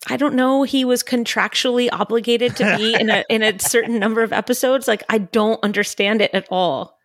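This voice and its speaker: A woman's voice: on the high side, fairly even intonation, fairly quick, a bit bright, dry recording, clean studio sound. A woman co-hosting a podcast, giving blunt, opinionated takes in casual chat about a TV episode. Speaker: podcast co-host. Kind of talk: casual TV show discussion.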